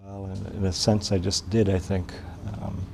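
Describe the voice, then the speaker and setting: Male storyteller from Wisconsin, low gravelly voice, mellow, unhurried oral telling. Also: little pitch movement. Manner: unhurried, plain-spoken, with pauses and restarts.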